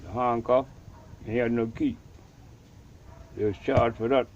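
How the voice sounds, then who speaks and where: A man's voice: medium pitch, fairly even intonation, a little slow. An older man with a Bahamian accent, a Rastafarian elder telling a story from his life in a vivid, dramatic way and acting out the voices of the people in it. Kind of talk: storytelling in an interview. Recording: dull lo-fi recording with clear background noise.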